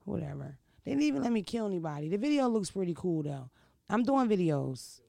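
A brash woman, chatting and telling stories in a loud, profane, animated way. Her voice has a gravelly rasp. The sound is dry and close, with no room around it. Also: lowish voice, quick pace, no room sound. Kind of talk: casual storytelling chat.

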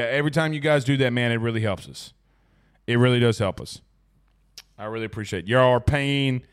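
A man hosting a casual sports talk stream, chatting loosely as he reads out viewer comments. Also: medium pitch. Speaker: sports talk show host.

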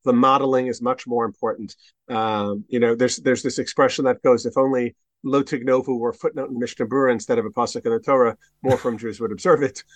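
A man, a rabbi guest on a podcast, speaks thoughtfully and often restarts his sentences mid-thought. His pitch is ordinary and middle. The sound is dry and close to the mic. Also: fairly even intonation, no room sound. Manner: thoughtful, halting with many restarts and fillers. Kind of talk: conversational discussion.

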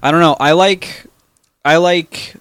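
A man's voice: a little high, steady tone, slow, a bit bright, smooth, no room sound. A young man co-hosting a casual podcast, chatty and rambling, swearing offhandedly. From Florida. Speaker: podcast co-host. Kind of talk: casual chat.

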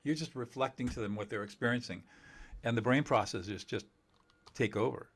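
A man teaching communication skills in an interview, emphatic and animated, laughing often and acting out quoted dialogue. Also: medium pitch, moderate pace. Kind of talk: conversational interview.

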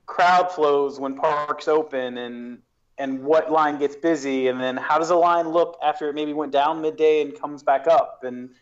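A man's voice, slightly higher than most, comes through a dull, muffled recording. He talks as a podcast guest, working through a long explanation with restarts and fillers. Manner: explains at length with many restarts. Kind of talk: casual podcast conversation.

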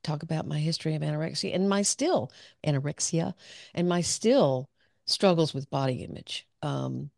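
A woman's voice: low voice, normal speed, vocal fry, darkish tone, no echo, studio quality. A woman psychologist telling her own story as a guest in an interview, reflective and open, often laughing. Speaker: clinical psychologist, podcast guest. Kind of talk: candid personal storytelling.

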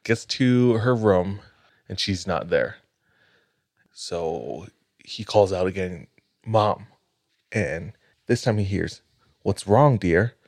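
A man hosting a podcast, telling a spooky story in a measured, dramatic way. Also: deep voice, gravelly, darkish tone, dry recording, studio quality. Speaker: podcast host.

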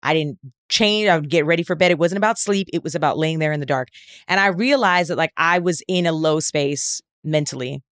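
Female co-host, frank and reflective, lowish pitch, dry sound. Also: fairly quick, fairly bright tone, dry recording. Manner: honest, reflective storytelling. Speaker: podcast co-host. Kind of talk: casual chat.

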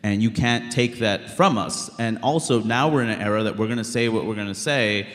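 A man's voice: lowish voice, fairly quick. A man in his thirties from Queens, New York, a stand-up comedian talking bluntly in a live stage interview with lots of "like" fillers. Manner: blunt, animated, many "like" fillers. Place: live show stage in a hall. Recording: reverberant live hall.

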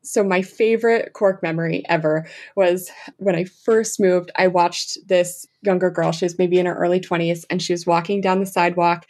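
A young adult woman chatting as an enthusiastic travel guest, full of fillers and quick asides. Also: on the low side, steady tone, a little mellow. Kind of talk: casual interview chat.

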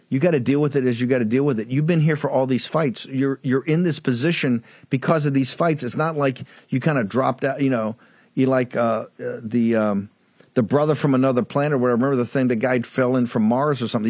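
A man's voice: medium pitch, a little mellow, no room sound. Combative man in a dry, close studio recording. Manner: combative, repetitive, addresses listener as "brother". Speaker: political talk show host. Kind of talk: political commentary monologue.

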